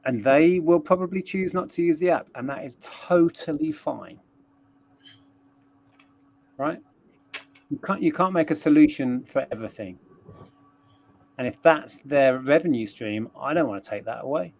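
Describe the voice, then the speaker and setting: A man's voice: a little high, normal speed, pauses often, darkish tone. A man co-hosting a livestream, explaining ideas in a thoughtful way with fillers. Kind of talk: casual explanatory chat.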